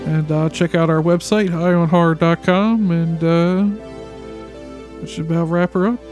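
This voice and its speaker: Brief: man with a high voice, easygoing host, music playing behind. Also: steady tone, normal speed, darkish tone. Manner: laid-back, jokey. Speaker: podcast host. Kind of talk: casual podcast chat.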